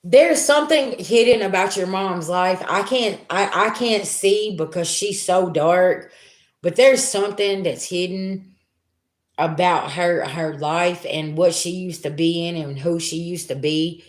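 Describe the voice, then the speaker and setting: A woman's voice: on the low side, a little slow. Woman psychic reader, blunt and slangy, talks straight at you, roomy echo. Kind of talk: live spiritual reading.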